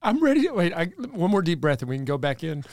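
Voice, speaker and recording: A man's voice: on the high side, quick pace, dry recording, clean studio sound. A man hosting a faith podcast, reacting in casual chat with short emotional remarks. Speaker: podcast host.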